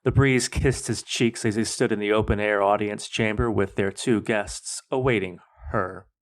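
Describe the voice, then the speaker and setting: Deep-voiced man reading a story aloud. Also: fairly even intonation, moderate pace. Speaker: podcast host. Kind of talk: reading fan fiction aloud.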